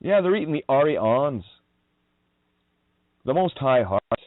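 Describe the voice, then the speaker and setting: A man's voice: medium pitch, big pitch swings, slow pace, pauses often, no echo. Ranting man on a tinny phone line. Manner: swearing, mocking, laughs often. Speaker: radio show host. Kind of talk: profane ranting monologue.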